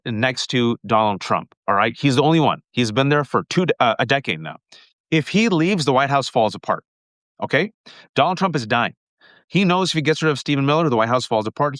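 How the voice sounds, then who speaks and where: A man hosting a political livestream, talking fast and emphatically, often repeating his points. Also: medium pitch, a bit bright, dry recording, studio quality.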